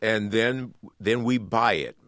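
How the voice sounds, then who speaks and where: Earnest low-voiced man, dry studio. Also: slow pace, a bit bright, no room sound. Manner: earnest, repeats words while building a point. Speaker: author and guest. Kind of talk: radio interview.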